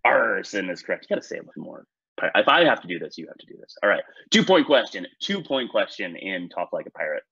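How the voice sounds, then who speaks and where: A man hosting a trivia quiz in a relaxed, self-deprecating way, with many "uh"s and "um"s, on a dull, dry, lo-fi recording. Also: low-pitched, fairly quick, gravelly, husky, dry recording. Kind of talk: casual quiz-show hosting.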